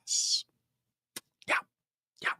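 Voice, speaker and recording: A man's voice: extremely slow, pushed and bright, no echo, clean studio sound. A man hosting a political commentary show, ranting with exasperated sarcasm. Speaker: host.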